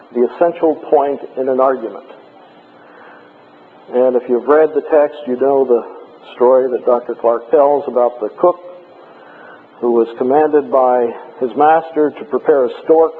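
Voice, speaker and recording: A man giving a classroom lecture on logic, explaining points in a measured way with frequent pauses. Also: medium pitch. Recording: tinny lo-fi lecture tape with faint hiss.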